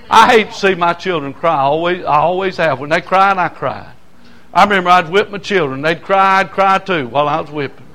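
High, bright-voiced older preacher. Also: male voice. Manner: rises to loud preaching cries, then drops low; frequent amens. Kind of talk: fiery sermon.

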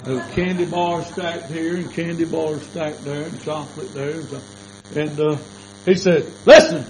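An older man preaching in a drawl, his voice sitting a little higher than most men's. He tells his sermon as a homespun story, plain and folksy. A faint electrical hum runs underneath. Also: steady tone, moderate pace.

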